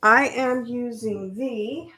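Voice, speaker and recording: A Canadian woman hosts a sewing livestream, chatting casually with viewers while she works and thinking aloud with fillers and restarts. Her voice is on the high side and slow, and there is background noise.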